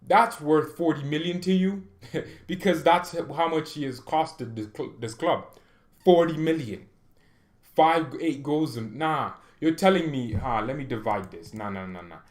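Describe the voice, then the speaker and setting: A man hosting a fan channel, ranting in a chatty, animated way and often tagging sentences with questions. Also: medium pitch, measured pace. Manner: animated ranting with bursts of loud exclamation; chatty, frequent "right?" tag questions. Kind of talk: casual opinion vlog.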